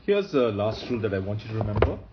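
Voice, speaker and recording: A male teacher lectures with a low voice that rises and falls a great deal as he explains. He repeats each rule for emphasis and checks in with rhetorical questions. The recording sounds dull and lo-fi. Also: very animated, fast talker, a little hiss or hum. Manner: patient, repeats key rules, asks rhetorical questions. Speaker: Hebrew grammar teacher.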